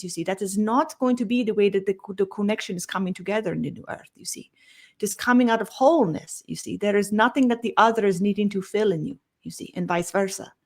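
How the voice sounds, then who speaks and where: A woman giving a channeled spiritual talk, slow and meandering, humming "mm" between phrases and tagging almost every thought with "you see", her phrase endings trailing off quietly. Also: a little high.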